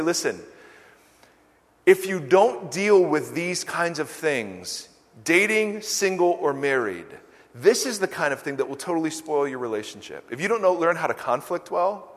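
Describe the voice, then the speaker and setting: A man preaching a sermon in an animated, emphatic way, with self-mocking humor. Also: a little high, moderate pace, in a large hall. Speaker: pastor. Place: large church hall.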